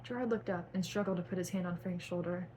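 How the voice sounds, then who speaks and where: A woman's voice: fairly low pitch, steady tone, fast talker, a little mellow, a little hiss or hum, poor audio. A young woman reading her own fan fiction aloud in a melodramatic voice, stopping to cringe at the writing. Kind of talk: dramatic reading with asides.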